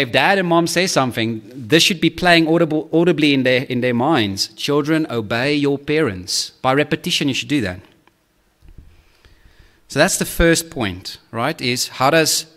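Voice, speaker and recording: Male pastor, earnest sermon, mid-pitched, frequent check-ins, pitch rises on emphasis. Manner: swings to high, louder emphasis on key points.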